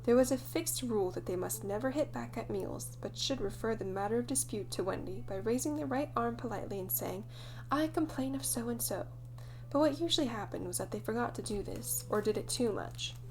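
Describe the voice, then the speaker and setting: Woman narrator, audiobook reading, fairly high voice, lively storytelling. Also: a little fast, gravelly, hardly any pauses, a little hiss or hum. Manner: lively storytelling, voicing each child. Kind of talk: scripted narration.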